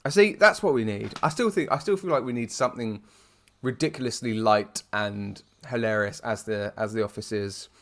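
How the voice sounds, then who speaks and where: A man's voice: on the low side, normal speed. Rambling man chatting on a podcast. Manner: rambling, frequent fillers and restarts, laughs easily. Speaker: podcast co-host. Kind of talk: casual chat.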